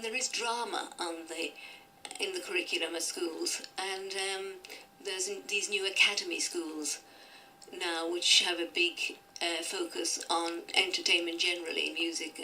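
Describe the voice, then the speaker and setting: A woman in her sixties, a drama teacher, talking warmly and fondly as a guest in a radio studio interview. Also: fairly low pitch, fairly even intonation, moderate pace, distant mic, slight background noise, poor audio. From Britain. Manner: warm, fond and encouraging, with gentle restarts.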